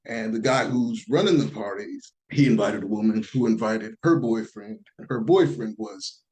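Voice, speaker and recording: A man talking casually as a podcast guest, telling a story in an animated way and acting out the voices of people he quotes. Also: fairly low pitch, normal speed, rough recording.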